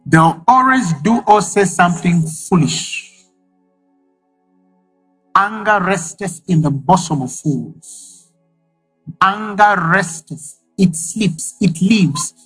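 A male preacher delivers a sermon in a husky, unhurried voice. He leans on repetition and emphasis to drive each point home, while faint music plays behind him. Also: high-pitched, animated, fairly bright tone, low-quality recording. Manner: emphatic, repeats key phrases for effect.

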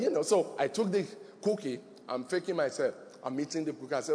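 Middle-aged man preaching, high voice that jumps all over, yells then goes quiet, big echoey church. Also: lively intonation, fairly quick. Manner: preaching emphatically, rising to shouts and dropping to a hush. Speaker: pastor. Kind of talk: sermon. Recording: long echo of a large hall.

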